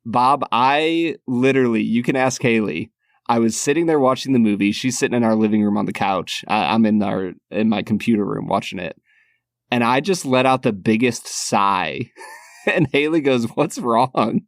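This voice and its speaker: A man's voice: mid-range voice, normal speed, dry recording, clean studio sound. A man co-hosting a podcast in casual chat, teasing his friend with wry humor and frequent laughs. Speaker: podcast co-host.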